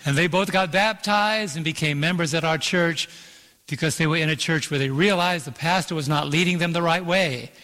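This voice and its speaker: A pastor in full sermon, a man whose voice sits a little on the high side. He preaches emphatically, stretching out scripture verses and asking the room for "Amen". The sound rings with the long reverb of a church auditorium. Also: normal speed, pushed and bright.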